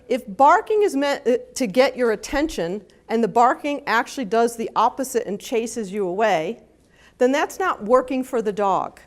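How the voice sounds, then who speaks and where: A woman speaking as an animal behavior consultant at a conference, talking with lively energy and now and then acting out dogs and their owners in bursts of high pitch. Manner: lively, acts out dogs' and owners' voices with big pitch jumps. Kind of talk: conference talk. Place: conference hall.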